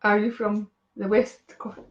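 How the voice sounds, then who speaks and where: A woman's voice: medium pitch, flat delivery, a little slow, reverberant, muffled recording, a little hiss or hum. A woman with a Scottish accent doing live psychic readings on a stream, chatting and laughing with viewers by name. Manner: chatty, laughs often, talks to commenters by name. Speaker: psychic medium.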